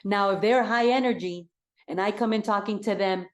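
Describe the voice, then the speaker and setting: A woman with a medium-pitched voice speaks at a moderate pace. She's a real estate coach delivering an enthusiastic, direct talk, repeating her key points for emphasis.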